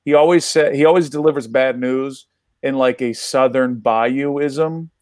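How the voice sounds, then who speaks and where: A man telling a loose, rambling story on a video call, breaking into laughs as he goes. His voice sits at a middling pitch, and the sound is dry and close with no room echo. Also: steady tone, measured pace, darkish tone. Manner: rambling, laughs through stories. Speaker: comedian guest. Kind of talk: casual storytelling chat.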